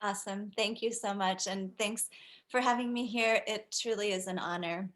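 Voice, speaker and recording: A woman from Minnesota reading a chapter of her memoir in a careful, measured way. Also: mid-range voice, fairly even intonation, a bit bright. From Minnesota, USA. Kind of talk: literary reading. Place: home, livestream video call.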